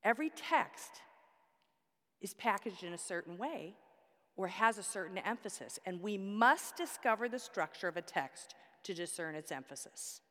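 A woman's voice: medium pitch, animated, moderate pace, fairly bright tone. A woman teaching a Bible study class, explaining step by step with props and asking the class questions. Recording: long hall reverb.

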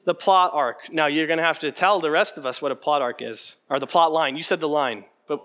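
Animated man teaching a workshop. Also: a little high, fast. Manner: animated, conversational, asks the room questions. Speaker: preaching workshop instructor. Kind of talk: interactive teaching talk.

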